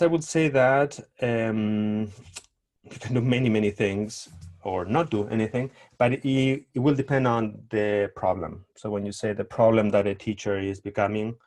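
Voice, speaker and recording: Animated man giving tango advice. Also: fairly low pitch. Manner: animated, acts out quoted lines with playful voices. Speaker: tango teacher. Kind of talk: casual advice talk.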